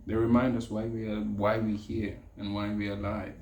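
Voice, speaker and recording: A man's voice: on the low side, monotone, moderate pace, darkish tone, slight background noise. A young South African man hosting a casual solo podcast. He talks earnestly, repeats his key phrases and drops Zulu words into his English. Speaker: podcast host. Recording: echoey room with faint ambience.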